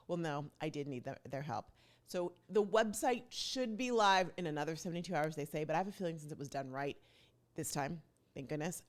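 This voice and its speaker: A woman hosting her own vlog in a casual, chatty way, rambling and correcting herself with playful asides. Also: on the low side. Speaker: vlog host.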